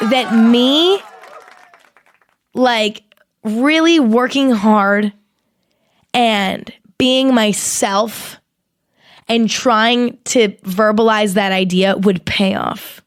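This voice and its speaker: Young woman, podcast host, casual rambling chat, swears a lot, slightly high voice, dry close mic. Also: very slow, long pauses, no room sound, a faint crowd. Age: young adult. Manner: rambling, swears freely, animated and exaggerated.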